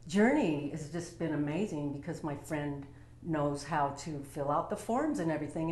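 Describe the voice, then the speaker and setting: A woman's voice: deep voice, moderate pace, a little mellow. A woman at home telling her personal story in a casual, heartfelt and rambling way, full of fillers. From Utah. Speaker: vlogger sharing a personal story. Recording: roomy echo.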